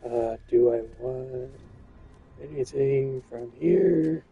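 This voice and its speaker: A man's voice: medium pitch, slow pace, vocal fry, breathy edge, phone-quality sound. A man playing a co-op horror game, chatting casually with jumpy, reactive exclamations. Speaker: co-op gaming partner. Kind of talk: casual chat while gaming.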